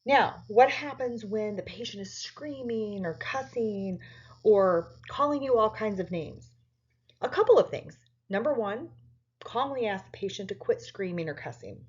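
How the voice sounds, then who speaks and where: Calm woman teaching phone etiquette, husky. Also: medium pitch, highs cut off. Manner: calm, practical, acts out polite staff phrases. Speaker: webinar presenter on medical office phone skills. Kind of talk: instructional webinar talk.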